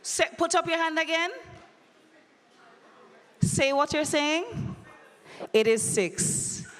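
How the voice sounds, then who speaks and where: A woman's voice: sits high, animated, slow, a bit bright. A woman hosting a live audience quiz at a conference, playful and teasing with a dramatic flair, on a handheld mic in a large hall. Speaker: conference emcee. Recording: echoey hall with long reverb.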